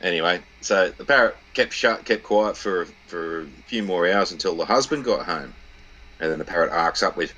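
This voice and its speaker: A man's voice: deep voice, moderate pace, pushed and bright, low-quality recording. A man telling a crude joke in casual chat, laid-back and crude. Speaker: podcast co-host.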